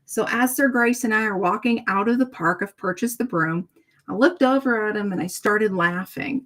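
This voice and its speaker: A middle-aged woman hosting a casual chat, telling a story and acting out the dialogue in lively voices. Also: medium pitch, moderate pace. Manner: chatty and animated, acts out dialogue with shifts in tone. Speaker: host.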